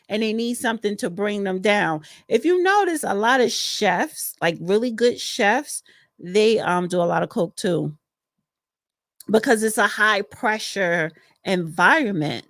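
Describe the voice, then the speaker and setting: Speaking at medium pitch, this podcast co-host from East Orange, New Jersey reads the live chat during a casual stream from home, frank and talkative, calling listeners honey. Her audio is dry and clean, like a studio.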